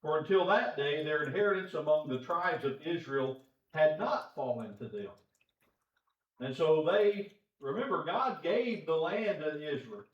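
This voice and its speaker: A man with a fairly high voice teaches scripture in a relaxed, folksy way, chuckling now and then. He is recorded from a distance in a reverberant church auditorium, and the sound is a little dull. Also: a little slow. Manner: folksy, conversational, chuckles often. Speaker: preacher. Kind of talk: Bible class teaching. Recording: echoey church room, distant dull mic.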